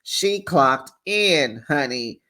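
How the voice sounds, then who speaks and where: Sassy reality TV recap host, mid-range pitch, slow drawling pace, gossipy commentary. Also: expressive, sharp tone. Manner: sassy, gossipy, talks straight to viewers.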